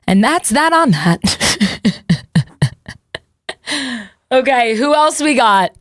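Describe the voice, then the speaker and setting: A woman's voice: fairly high pitch, animated, extremely slow, a bit bright, no room sound, studio quality. A woman in her thirties hosting a podcast, rambling and self-deprecating in casual chat. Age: 30s. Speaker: podcast host.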